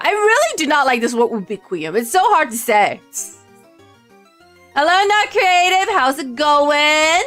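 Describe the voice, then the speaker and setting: A woman's voice: high-pitched, very animated, measured pace, fairly bright tone, soft background music. A young adult woman streaming a game, chatting casually, reacting aloud and greeting her chat. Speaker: VTuber streamer.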